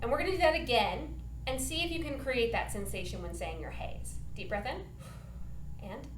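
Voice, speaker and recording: A woman's voice: on the high side, very animated, moderate pace, roomy sound, a little hiss or hum. A woman teaching a children's singing lesson, upbeat and encouraging, demonstrating points with her own voice.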